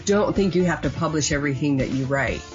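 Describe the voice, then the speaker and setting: A woman guest writer in casual podcast chat, animated and laughing as she talks. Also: deep voice, fast. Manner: animated, laughs while talking. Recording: dull lo-fi audio with faint music.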